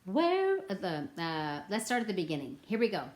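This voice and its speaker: A woman teaching a children's music lesson, playful and animated with a sing-song delivery. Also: fairly low pitch, fast talker.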